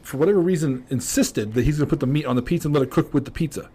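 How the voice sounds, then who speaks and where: A man's voice: on the high side, mellow, slightly rough. Joking man hosting a podcast. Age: 40s. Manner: chatty, joking, quick reactions, uses slang. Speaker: podcast host. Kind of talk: casual chat.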